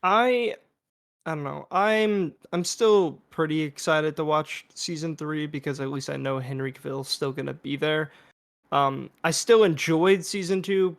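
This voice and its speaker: Male podcast co-host, higher-pitched voice, hesitant casual delivery. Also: gravelly. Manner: hesitant, filler-heavy, restarts.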